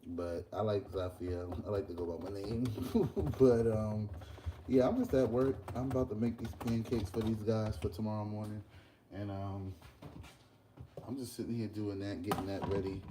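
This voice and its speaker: A young man, chatting casually in a vlog while cooking breakfast at work, telling an animated story. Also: fairly low pitch, normal speed, a little hiss or hum. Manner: animated ranting storyteller, loose and conversational. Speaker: vlogger and podcast host. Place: workplace kitchen.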